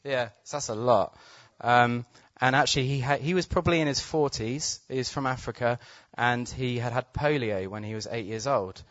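A man preaching, telling a healing story with excited laughter, then praying with urgent declarations over the crowd. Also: mid-range voice, moderate pace, few pauses, no echo. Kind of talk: testimony storytelling and healing prayer. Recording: dull, slightly muffled sound.

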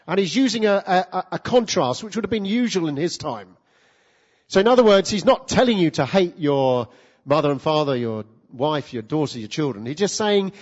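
Animated preacher in a reverberant hall. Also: male voice, a little high, slightly rough, highs cut off. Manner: animated, talks to the congregation with rhetorical questions. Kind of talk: sermon.

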